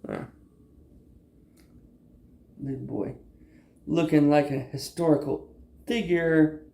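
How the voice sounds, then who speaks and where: Gravelly man chatting to his cats. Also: fairly high pitch, steady tone, slow, mellow. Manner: playful, swears freely, coos at his cats in baby talk. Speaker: pet vlogger filming his cats. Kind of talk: casual livestream chat. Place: indoors at home. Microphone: phone or camera on a tripod.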